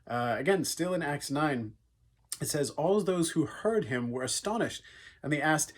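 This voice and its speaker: A youth speaker retells a Bible story in an earnest, conversational devotional talk for young people, using frequent fillers. His voice is on the high side, unhurried, with lively intonation.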